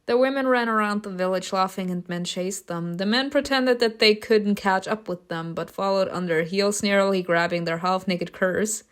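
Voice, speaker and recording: A woman reading a story game's narration aloud, breaking off for loud, laughing reactions and casual swearing. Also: medium pitch, normal speed, few pauses. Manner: reads narration evenly, bursts into loud laughing outbursts. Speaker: streamer reacting to a story game.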